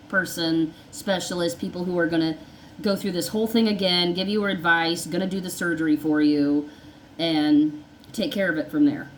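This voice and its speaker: This low-quality recording, carrying a little hiss or hum, captures a woman with a lowish voice telling a personal story as a vlogger. Her delivery is casual and meandering, full of repetition and acted-out dialogue.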